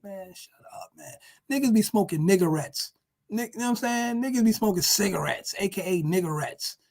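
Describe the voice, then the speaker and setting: High-pitched man, vlogger mid-rant, profane and mocking, keeps circling back. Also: brisk, creaky. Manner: animated, profane, repetitive, mocking.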